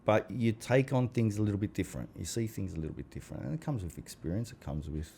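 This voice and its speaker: A blunt man in his forties chats on a podcast in a fairly low voice. He swears freely and slips into little acted-out exchanges as he tells his stories. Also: expressive, fast, vocal fry, dark tone, husky. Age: 40s. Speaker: podcast guest. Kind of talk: casual chat.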